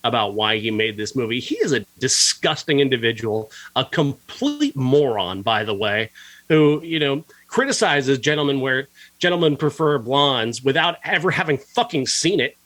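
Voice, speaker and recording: A man's voice: mid-range voice, big pitch swings, normal speed, fairly bright tone, dry recording. A man co-hosting a podcast, ranting angrily and profanely in a heated casual film review. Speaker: podcast co-host and film critic.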